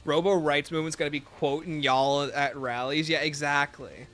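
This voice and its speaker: A man's voice: fairly high pitch, steady tone, normal speed, soft background music. A young man chatting casually with his viewers while playing a zombie shooter, rambling and joking. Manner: joking, rambling banter with chat. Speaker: gaming livestreamer. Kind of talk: casual livestream commentary.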